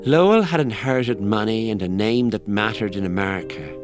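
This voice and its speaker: Male narrator, lower register, scripted and measured, faint music under. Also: lively intonation. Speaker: documentary narrator.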